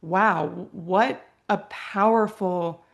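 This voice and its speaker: A woman's voice: medium pitch, very slow. A young adult woman from Virginia, talking reflectively as an interview guest, often ending points with a questioning "right?". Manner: earnest, often ends with "right?".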